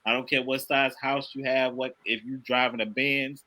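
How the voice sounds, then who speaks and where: Bright-voiced earnest father, preaching softly. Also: mid-range voice, level tone, normal speed, poor audio. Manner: earnest, preachy, emphatic repetition. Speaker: podcast guest, father. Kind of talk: casual conversation.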